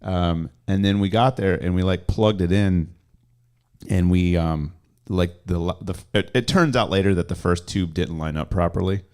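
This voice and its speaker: A man's voice: deep voice, moderate pace, darkish tone, smooth. A young man co-hosting a casual podcast chat, laid-back and rambling, swearing casually as he tells stories. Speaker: podcast co-host.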